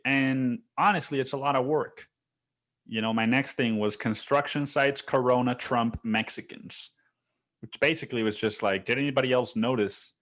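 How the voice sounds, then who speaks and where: A young man hosts his own podcast with a medium-pitched, slightly bright voice. He rambles through a casual monologue, swearing a lot and constantly saying "dude" and "like."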